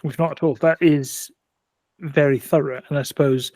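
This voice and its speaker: A man's voice: fairly high pitch, steady tone, normal speed, darkish tone, no echo. A man on a casual tabletop gaming podcast, thinking aloud with restarts and easy laughter. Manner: thoughtful, restarts mid-sentence, laughs easily. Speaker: podcast panelist.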